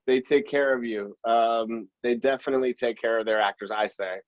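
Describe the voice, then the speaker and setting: A middle-aged man, an actor guest, telling lively anecdotes and acting out the people in them. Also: mid-range voice, moderate pace, dry recording. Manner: lively storyteller who acts out the people in his stories. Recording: dry, slightly dull recording.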